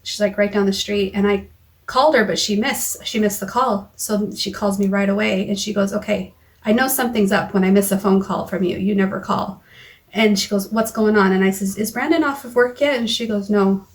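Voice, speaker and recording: A woman's voice: medium pitch, fairly even intonation. Woman retelling a fight in a raw vlog. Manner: halting, restarts, retelling a fight with quoted dialogue. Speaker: vlogger. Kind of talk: personal recap vlog. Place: car or home.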